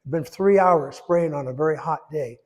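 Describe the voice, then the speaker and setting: A man in his eighties giving a personal testimony in church, rambling and folksy, pausing when emotional. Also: a little high. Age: 80s. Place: church sanctuary. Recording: echoey church hall.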